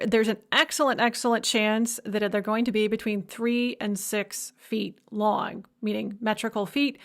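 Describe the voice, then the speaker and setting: A woman giving a recorded lecture, explaining step by step with enthusiasm and humming rhythms to illustrate. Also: fairly high pitch.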